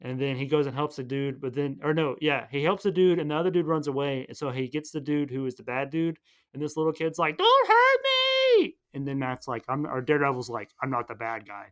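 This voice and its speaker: Rambling and playful, a man hosting a podcast walks through a movie's plot in a casual way, slipping into quick character voices. His pitch is medium.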